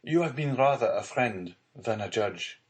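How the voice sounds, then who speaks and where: A man's voice: medium pitch, lively intonation, unhurried, pitched above the performer's own voice, lightly acted. A man reading the part of an honest, eager young prisoner who pleads earnestly.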